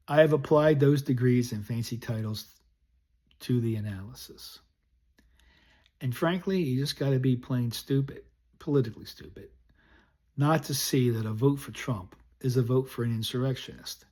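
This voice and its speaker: A man with a mellow, mid-range voice delivers a recorded political essay. He's an American political commentator, and his tone is blunt, indignant and scornful.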